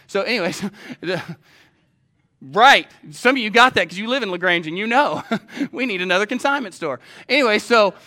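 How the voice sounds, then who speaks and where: A man preaching a sermon in a conversational way, asking his listeners questions and swinging from loud urgency to slow, hushed reading. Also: sits high, lively intonation.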